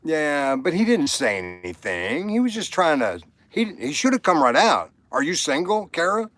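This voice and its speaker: A man's voice: on the high side, very animated, normal speed, a bit bright, no room sound. Rambling man on a livestream, dry sound. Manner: rambling, reads viewer comments aloud. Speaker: livestream host. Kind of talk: casual chat.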